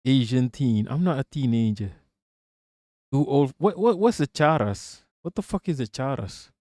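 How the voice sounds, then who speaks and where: A man's voice: mid-range voice, expressive, normal speed, dark tone, no echo, studio quality. A man streaming live, reading chat aloud and answering it in a casual, profane, joking way.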